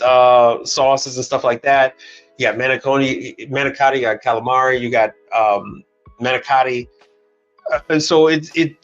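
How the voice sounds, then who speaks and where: A man's voice: mid-range voice, muffled recording. A man hosting a casual livestream, telling stories bluntly and with plenty of profanity, acting out the dialogue. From Chicago. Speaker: livestream host.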